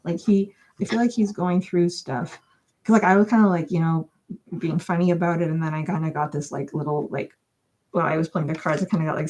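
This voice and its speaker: A woman's voice: low voice, a little mellow, rough recording. A woman doing a chatty live-stream tarot reading, thinking aloud with lots of fillers and giggling now and then. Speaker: tarot reader. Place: home.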